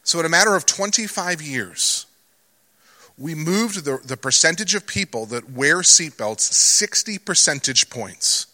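A man's voice: fairly high pitch, lively intonation, unhurried, pushed and bright. A middle-aged man speaking to a church congregation in a conversational, anecdotal way, with rhetorical questions. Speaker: Christian advocacy speaker at a church. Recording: long hall reverb.

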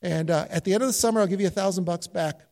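A hesitant, apologetic teenage boy, as a man puts him on in a story told from the pulpit. He speaks in a highish voice and trips over his words as he asks for more time. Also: rapid-fire, a little mellow, long reverb tail. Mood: sheepish. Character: sheepish teenage boy borrowing money.

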